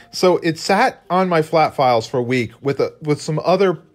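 A man's voice: on the high side, expressive, moderate pace. A man co-hosting a live painting stream, chatting in a rambling, self-deprecating way as he works. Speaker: co-host and illustrator. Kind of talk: casual live-stream chat while painting.

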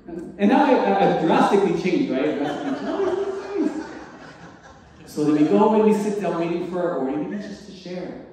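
A man preaching a sermon as pastor, telling a personal story with animated voices and frequent laughter. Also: sits high, quick pace, few pauses, a crowd in the background. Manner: animated, acts out dialogue, laughs often. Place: church sanctuary. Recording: distant mic in a large echoey hall.

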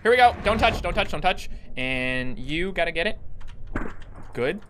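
A man from Newfoundland narrating a game in a jokey, animated way. His voice is bright and clear, and he keeps up a running stream of wisecracks with sudden yelps. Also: sits high, normal speed, a little hiss or hum. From Newfoundland, Canada. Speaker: gaming YouTuber. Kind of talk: let's-play commentary.

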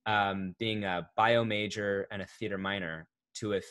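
Man in his thirties, casual interview chat, rambling, self-correcting, lively storyteller. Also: fairly low pitch, normal speed. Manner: rambling, self-correcting, animated when telling stories. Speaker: voice actor guest. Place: home recording setup, remote interview.

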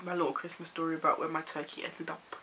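A young woman, from an Ivorian family, telling a story to camera in a chatty, animated way full of "like"s. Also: low voice, fast talker, a little hiss or hum. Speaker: vlogger.

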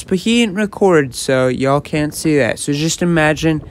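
A man's voice: on the high side, measured pace, hardly any pauses. A man, narrating his own fishing vlog in a laid-back, rambling, apologetic way while out on a boat. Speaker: fishing vlogger. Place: outdoors on the water, on a boat.

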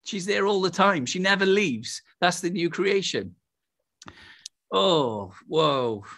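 A man's voice: sits high, lively intonation, normal speed, fairly bright tone. A middle-aged man with a Welsh accent preaching a charismatic sermon, exuberant and full of exclamations. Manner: exuberant, breaks into laughter and exclamations.

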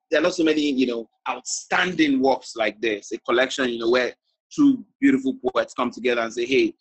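A man hosting an online book discussion, halting and repeating words as he reads out audience comments. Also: mid-range voice, breathy edge, rough recording. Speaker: host and moderator.

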